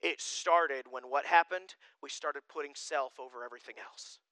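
Emphatic high-voiced male pastor, bright and dry. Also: moderate pace, dry recording, poor audio. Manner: emphatic, shifting between loud declarations and quiet asides. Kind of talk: sermon.

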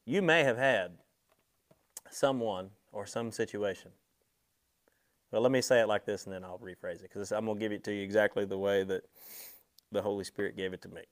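A man preaching a sermon in a conversational way, slowing and stressing key words, then dropping softly on asides to his listeners. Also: lowish voice. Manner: slows and swells on key words, drops soft on asides; conversational, speaks directly to listeners.

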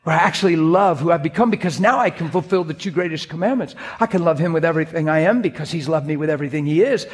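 A man with a husky voice giving a sermon, earnest and conversational, slipping into spoken prayer. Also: fairly high pitch, fast, hardly any pauses. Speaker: pastor. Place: church hall with audience.

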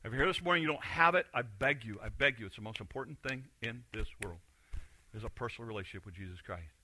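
A male pastor preaching a sermon in a church, animated, acting out the voices he quotes and swinging from quiet to loud. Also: medium pitch, fast talker, noisy background. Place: church sanctuary.

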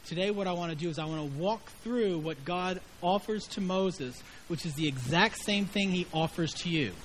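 A man's voice: sits high, normal speed, slight background noise, low-quality recording. A middle-aged man preaching a sermon in a conversational way, acting out the quoted voices with inflection. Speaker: pastor.

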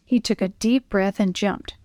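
A woman narrating a children's story in a gentle, clear reading voice. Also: mid-range voice, fairly even intonation, a little slow, no echo, studio quality.

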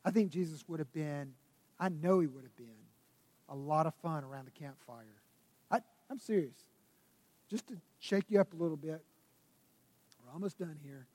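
A man preaching a sermon as pastor, swinging between loud bursts and hushed, intimate tones. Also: fairly high pitch, normal speed, pauses often. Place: church sanctuary. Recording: long reverb of a church hall.

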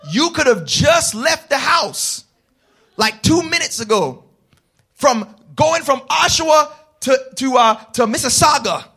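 A man preaching a sermon, calling on the congregation to answer and rising into shouted, passionate passages. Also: very high-pitched, lively intonation, unhurried. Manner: call-and-response with the congregation. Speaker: pastor.

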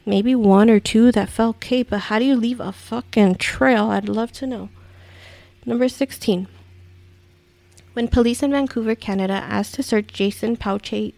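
A woman's voice: fairly high pitch, gravelly, a little mellow, no room sound. A woman hosting a countdown video, reading each item and then reacting with incredulous, swearing commentary.

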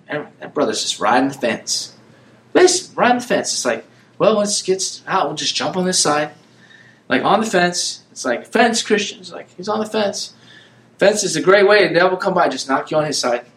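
Male preacher, high-pitched, casual rambling delivery, echoey room. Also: a bit bright. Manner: rambling and conversational, acting out characters in asides. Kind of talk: casual sermon retelling a Bible story.

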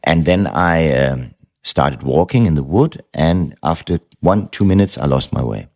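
Middle-aged guy, super deep gravelly voice, blunt and candid storytelling, swears casually. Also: expressive, unhurried. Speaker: novelist being interviewed. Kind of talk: personal storytelling in an interview.

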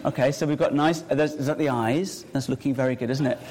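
A man's voice: mid-range voice, steady tone, quick pace, darkish tone. A man leading a children's talk in a church service, playfully coaxing and encouraging a child volunteer. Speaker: preacher.

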